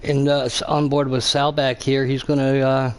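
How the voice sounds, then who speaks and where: Male race caller, casual league commentary, steady mid pitch. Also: moderate pace, clean tone. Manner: reads chat and calls onboard cameras. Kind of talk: sim racing commentary.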